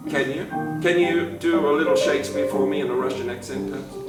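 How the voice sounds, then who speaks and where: A man hosting a live improv comedy show, teasing and quick in banter. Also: mid-range voice, steady tone. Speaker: improv performer and host. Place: theater stage at a festival. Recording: roomy hall from far off with music.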